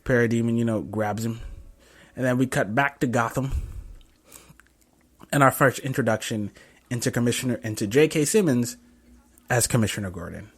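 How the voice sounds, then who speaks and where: A young man hosting a podcast reviews a film scene by scene, rambling with plenty of fillers and correcting himself. His medium-pitched voice is husky, moves at a moderate pace and pauses often.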